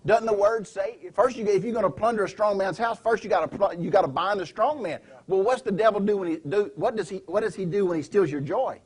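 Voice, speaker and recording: Man preaching, emphatic, quizzes the pews; husky voice. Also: sits high, fairly quick, few pauses. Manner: emphatic, asks the congregation questions. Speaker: pastor. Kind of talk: sermon. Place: church sanctuary.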